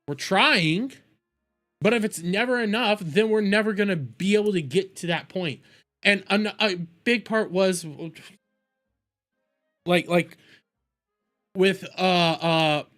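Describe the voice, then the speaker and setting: A man's voice: on the high side, bright, forceful tone. A man hosting a live stream, ranting casually about politics in a rambling, profane way with many restarts.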